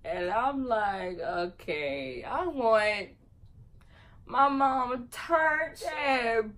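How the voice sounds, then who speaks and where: A young woman vlogger telling a story in casual slang, her voice swinging loud and high as she laughs and mimics people. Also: lively intonation, extremely slow, low-quality recording.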